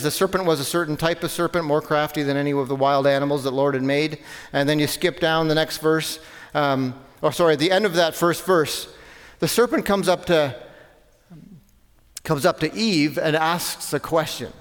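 A man's voice: a little high, clear, resonant tone. A man preaching a sermon, conversational, with self-corrections and rhetorical questions. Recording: long hall reverb.

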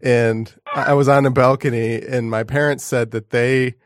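A man's voice: mid-range voice, fairly even intonation, normal speed, no echo. A man chatting casually on a podcast, telling stories in a dry, self-deprecating way. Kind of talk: casual chat.

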